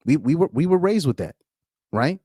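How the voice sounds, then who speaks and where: A man's voice: a little high, lively intonation, normal speed, mellow, husky, no echo, clean studio sound. A man doing casual live-stream commentary, rambling and repeating words, often breaking into laughs.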